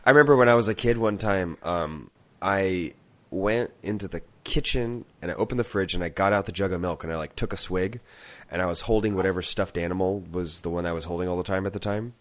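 Very deep-voiced man, a bit sick. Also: fairly quick, no echo. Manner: animated storyteller who laughs at himself. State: sick with flu or cold. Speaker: podcast co-host. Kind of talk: casual chat.

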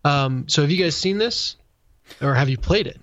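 A man on a casual tech podcast explains things at length, filling pauses with ums and restarts. His voice sits a bit high for a man. The audio is dull and muffled in a dry, close setting. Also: expressive, fairly bright tone, no echo. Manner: rambling, explanatory, many fillers. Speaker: podcast co-host.

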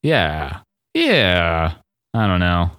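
A man co-hosting a podcast in casual chat, wry and quick to laugh. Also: deep voice, wildly swooping pitch, fairly bright tone, no room sound, studio quality. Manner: chatty, laughs often, wry asides. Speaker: podcast co-host.

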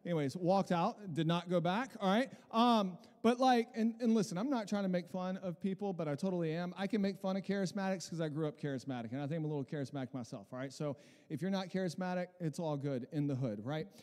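Animated male preacher in an echoing hall. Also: high-pitched, fast. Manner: animated, conversational preaching with restarts and asides. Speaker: pastor. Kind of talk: sermon.

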